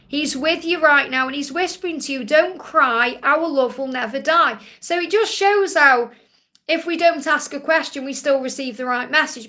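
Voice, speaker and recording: Bright high-voiced woman reading cards. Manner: soothing, reassuring, repeats phrases. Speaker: tarot card reader. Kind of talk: live-stream card reading.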